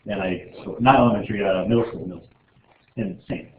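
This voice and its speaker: A man's voice: lowish voice, a little fast, slight background noise. A man teaching a chemistry class in a casual, joking way, rambling with lots of filler words. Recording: echoey room over a tinny, phone-like line.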